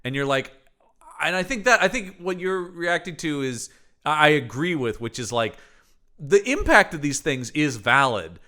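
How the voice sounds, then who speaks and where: A man's voice: a little high, expressive, moderate pace, sharp tone. A man co-hosting a podcast, chatting casually and jokingly, swearing freely as he rants. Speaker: podcast co-host.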